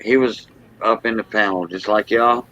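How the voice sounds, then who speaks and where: A man from Southwest Louisiana with a Cajun accent, talking in a halting, patient way in a casual memorial chat. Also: fairly low pitch, steady tone, bright, forceful tone, slight background noise. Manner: halting, explains things patiently. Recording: dull lo-fi online audio.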